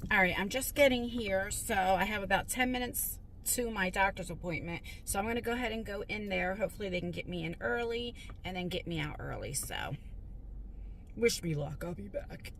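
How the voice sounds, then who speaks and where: A woman's voice: medium pitch, animated, vocal fry, a bit bright. Worried woman vlogging from her car. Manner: worried, halting, with restarts and stutters. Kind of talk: casual vlog chat. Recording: noisy car interior.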